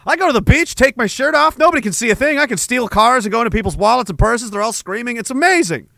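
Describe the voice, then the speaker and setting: Bright, animated joking streamer man. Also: extremely high pitch, quick pace, vocal fry, no echo. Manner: profane, joking, mock-indignant. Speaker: streamer reading chat. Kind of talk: casual chat.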